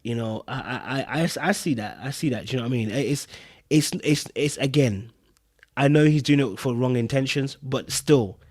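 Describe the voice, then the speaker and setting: A man's voice: medium pitch, moderate pace, a little mellow. A man hosting a live podcast stream, reacting to a reality show clip in casual, emphatic commentary, repeating himself and talking straight to viewers. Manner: emphatic, repetitive, addresses viewers and chat directly.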